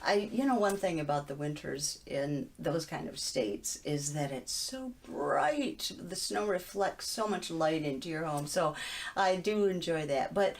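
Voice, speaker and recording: A woman's voice: low-pitched, lively intonation, unhurried. A middle-aged woman from Michigan, a guest chatting casually in an interview, who laughs often and acts out little quotes. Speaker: guest, stylist.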